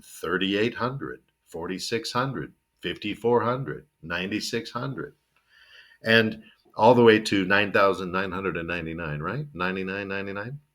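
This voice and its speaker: A man teaching English to learners, explaining slowly and drilling words with exaggerated pronunciation, often checking in with "right?". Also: low-pitched, a bit bright. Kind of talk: video lesson for learners.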